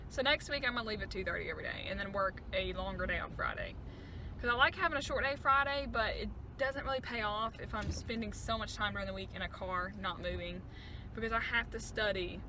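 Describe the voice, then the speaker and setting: A woman's voice: a little high, sharp tone. Chatty young woman vlogging from her car. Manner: chatty and rambling, laughs between thoughts. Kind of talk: casual vlog chat. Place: in her car and walking outdoors. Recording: car and road noise behind. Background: car and traffic noise.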